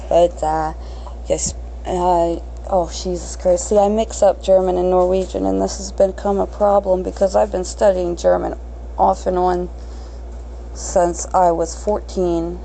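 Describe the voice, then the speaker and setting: A blunt woman in her thirties rambles through an unscripted solo podcast, swearing freely. Her voice is low and dark, with a gravelly fry. A faint hiss of room noise sits under it. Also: rough recording. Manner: crass, blunt, self-mocking, swears freely. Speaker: podcast host.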